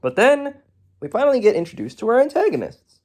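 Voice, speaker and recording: In a casual video review of a movie, a man rambles along a little fast, often starting a word and then correcting himself, with asides mixed in. His pitch leaps up and down from phrase to phrase, which makes him sound lively and animated.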